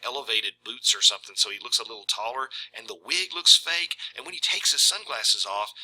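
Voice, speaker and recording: A man talks through a short story in a loose, conversational way and keeps checking in with "right?". His voice is very bright and sharp. It sits at an ordinary male pitch. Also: breathy edge, poor audio. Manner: conversational, frequent "right?" asides. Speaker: literature video presenter. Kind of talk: casual discussion of a short story, reading passages aloud.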